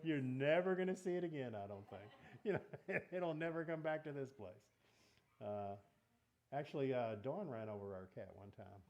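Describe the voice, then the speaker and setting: A man's voice: medium pitch, animated, moderate pace, a little mellow, dull audio. A man teaching a casual Bible study in a church meeting room, talking in a conversational way and asking the group questions.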